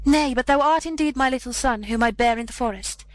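A woman's voice: high voice, a little fast, close to an everyday voice. A woman voicing a ragged, wandering beggar mother in a storybook reading, pleading and tearful.

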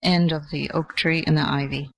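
A narrator reading an old fairy tale aloud in a measured, gentle way. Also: medium pitch, level tone, vocal fry, low-quality recording. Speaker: audiobook narrator. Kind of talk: scripted storybook narration.

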